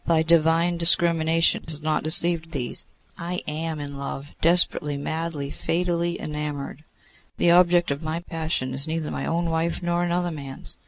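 A man's voice: on the high side, level tone, moderate pace, creaky, a bit bright, no echo, low-quality recording. A man reading aloud, voicing an earnest, lovesick mortal king who pleads with a god. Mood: pleading.

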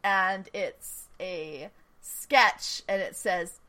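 A woman's voice: fairly low pitch, drawn-out words, pushed and bright, slight background noise. A woman hosting a podcast, casually recapping a TV episode in a chatty, enthusiastic way with plenty of fillers. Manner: chatty and enthusiastic, often laughing, filler-heavy. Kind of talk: casual chat.

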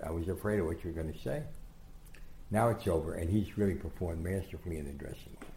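An older man telling anecdotes as an interview guest, animated, acting out quotes and often restarting his sentences. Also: deep voice, fast, vocal fry. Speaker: guest storyteller. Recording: echoey room.

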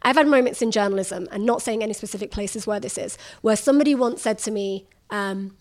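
A young woman journalist talking candidly in an interview, animated and quick to laugh, acting out remarks she has heard. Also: mid-range voice. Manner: animated, laughs often, acts out quoted remarks. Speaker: journalist guest.

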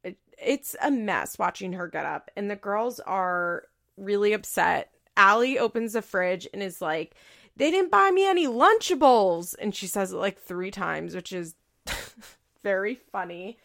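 A woman recaps a reality TV show in casual, blunt commentary, cursing freely. Her voice carries a gravelly vocal fry at a middle pitch for a woman. She leans on "like" as a constant filler. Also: a little slow, fairly bright tone. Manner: blunt, profane, frequent "like" fillers.

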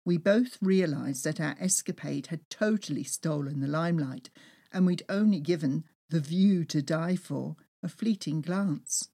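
Lowish woman reading a travel memoir. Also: measured pace. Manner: lively, expressive storytelling. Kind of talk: first-person memoir reading.

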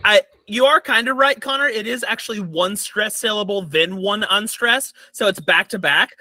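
A high-pitched man with a very bright, sharp tone chats eagerly on a podcast. He rattles off lists of favorites in quick bursts, and the recording is close and dry. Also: no echo. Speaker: podcast co-host. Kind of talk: casual podcast chat.

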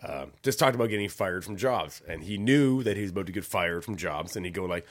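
Podcast host, low-pitched man, lively, swears a lot, acts out voices in a story. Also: fairly quick, hardly any pauses. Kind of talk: casual chat, storytelling.

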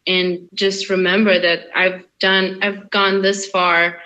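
A woman's voice: on the low side, flat delivery, slow, pushed and bright, low-quality recording. A woman from Russia, a guest in a casual interview, candid and earnest, who laughs often.

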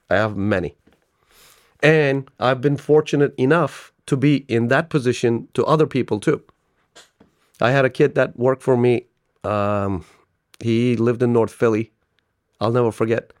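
A man speaks as a podcast guest, spinning stories and acting out both sides of a conversation with plenty of laughter. His voice sits at an ordinary middle pitch. The sound is dry and close, with no room echo. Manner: animated storyteller, laughs often, acts out dialogue. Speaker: business owner guest. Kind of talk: podcast interview.

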